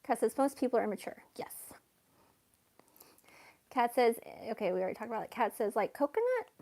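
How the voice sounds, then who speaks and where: Soft-spoken woman chatting on a livestream. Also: fairly high pitch, sing-song, brisk. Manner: soft-spoken, chatty, baby-talks to her cat. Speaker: livestream host. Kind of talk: casual livestream chat, reading comments.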